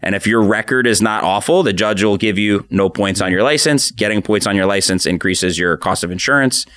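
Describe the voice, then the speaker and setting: A man's voice: lowish voice, a little fast. A man hosting a podcast as an attorney, chatting casually and acting out the people in his stories. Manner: animated storyteller acting out quotes. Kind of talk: casual conversational storytelling.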